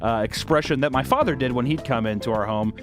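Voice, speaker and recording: A man's voice: mid-range voice, quick pace, music in the background. A young man giving sarcastic, profane comedic commentary while reviewing old movies. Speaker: video reviewer.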